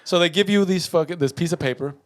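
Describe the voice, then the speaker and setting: A man's voice: on the high side, fast talker. A young man co-hosting a podcast, telling a story in casual, profane chat and acting out the dialogue. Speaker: podcast co-host.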